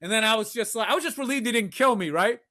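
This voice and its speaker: A man's voice: sits high, lively intonation, quick pace, pushed and bright. A middle-aged man, telling a rambling, profane, self-mocking story on a podcast. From Massachusetts. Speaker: podcast host. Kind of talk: storytelling chat.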